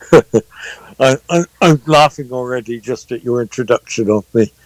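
An older man with a London accent close to Cockney, joining a casual interview over a messaging app. He talks slowly and hesitantly, filling pauses with ums and uhs. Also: medium pitch, no room sound, poor audio. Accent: London, near Cockney. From London, England. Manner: unhurried, hesitant, with many fillers. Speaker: guest.

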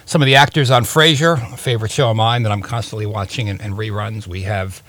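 A man's voice: lowish voice, fairly even intonation, fast, a bit bright, dry recording. A man hosting a radio interview, talking casually with many fillers and restarts. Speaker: radio show host.

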